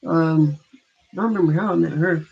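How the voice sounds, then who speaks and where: A man's voice: fairly high pitch, a little fast, vocal fry, husky. A man casually telling a long story about meeting friends in an online game, rambling and restarting his sentences. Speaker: gamer recounting a story. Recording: dull lo-fi recording.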